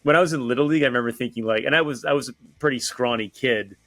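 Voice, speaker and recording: A man's voice: medium pitch, racing, a bit bright, dry recording. A man, an author guest on a podcast, talking in a reflective way with many "like" and "right?" fillers. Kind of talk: casual interview chat.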